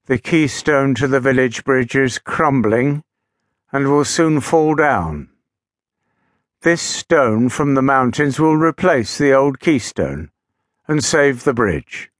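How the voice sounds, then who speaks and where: A man voicing Gideon, a big, kind and wise male crane engine in a storybook, speaking calmly and fatherly. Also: mid-range voice, slow pace, no echo, studio quality. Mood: serious.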